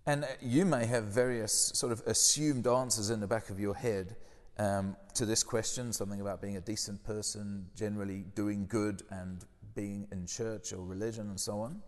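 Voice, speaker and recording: A man's voice: fairly low pitch, steady tone, moderate pace, long reverb tail. A man preaching a conversational sermon, often putting questions to his listeners.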